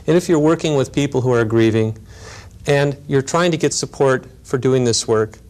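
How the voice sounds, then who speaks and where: A man lecturing in a measured, explanatory way, with storytelling asides. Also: mid-range voice, darkish tone. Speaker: lecturer on grief and helping work. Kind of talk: recorded teaching lecture.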